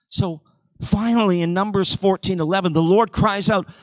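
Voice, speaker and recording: A male pastor delivering a sermon, swinging between loud, driving surges and quiet, conversational asides. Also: high-pitched, normal speed, dry recording, low-quality recording. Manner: animated preaching with sudden surges and drops in volume.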